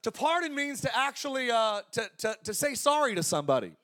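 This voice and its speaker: A man in his forties preaching a sermon as pastor, energetic and conversational, with jokes. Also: extremely high pitch, fairly quick. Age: 40s.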